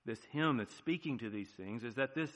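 A man with an American accent, a pastor preaching a sermon with emphatic swings between loud declarations and hushed low phrases, often asking "right?". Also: lively intonation, moderate pace. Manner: asks the congregation "right?" often. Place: church sanctuary. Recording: long church reverb.

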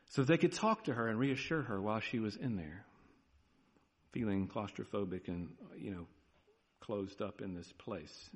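A man preaching a sermon as pastor, earnest and pleading, moving between loud urging and a soft hush. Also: medium pitch, in a large hall.

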